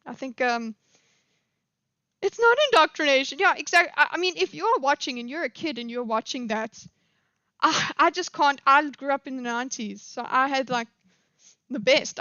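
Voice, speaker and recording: A woman's voice: sits high, bright, forceful tone, dry recording, lo-fi sound. A woman in her thirties from Africa, giving rambling, opinionated commentary on a live stream. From South Africa.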